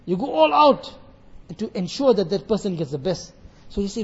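A man giving a sermon on a Quran passage, reciting verses and explaining them with lively acted dialogue. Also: high voice, normal speed, slightly rough, dull audio. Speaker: Islamic scholar teaching Quran commentary.

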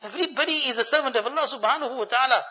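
A man's voice: very high voice, rapid-fire, bright, forceful tone, long reverb tail, dull audio. A male Islamic preacher giving an earnest Ramadan sermon, repeating phrases for stress and reciting Arabic verses.

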